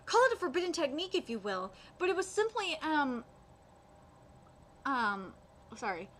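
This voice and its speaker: A grumpy cat-like guardian spirit, read aloud by a woman. The voice stays high and bright, stumbling through restarts as it reads. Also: big pitch swings, normal speed, a little hiss or hum. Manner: read aloud with hesitant fillers.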